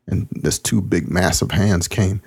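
Man, podcast host, low husky voice, relaxed slangy delivery. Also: measured pace. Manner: laid-back, slangy, filler-heavy when chatting. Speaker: podcast host reading his own story. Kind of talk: audiobook narration and casual chat.

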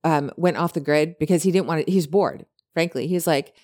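A woman co-hosting a podcast, chatting casually and retelling a story with many animated quotes. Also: low voice, a little fast. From lived in California. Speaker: podcast co-host.

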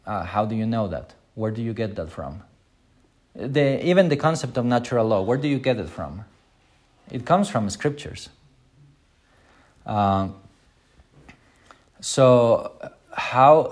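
A pastor with a mid-range voice teaches an unscripted Sunday School Bible lesson. He uses many filler sounds and acts out quoted lines in a raised voice.

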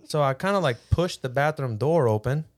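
Animated storytelling man, lively pitch. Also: fairly quick. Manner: animated, acts out voices with a Southern drawl. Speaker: podcast co-host. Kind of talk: casual storytelling chat.

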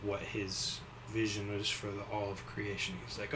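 A man hosting a casual podcast, talking in long rambling stretches full of fillers and breaking into animated impressions. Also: fairly low pitch, normal speed, background noise. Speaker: podcast host.

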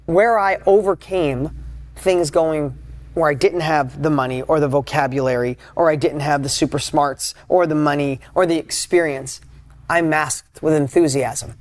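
A man hosting a motivational podcast, talking casually and emphatically, with sudden loud high peaks between quieter asides. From United States. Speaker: podcast host. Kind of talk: motivational talk.

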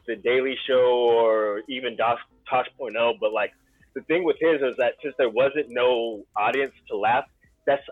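A man's voice: mid-range voice, slightly rough, dry recording. Man on a tinny phone-like line. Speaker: podcast co-host. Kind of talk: casual chat.

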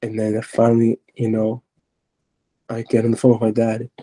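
A young man telling his personal testimony as a podcast guest, halting and restarting as he searches for words. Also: mid-range voice, monotone, mellow.

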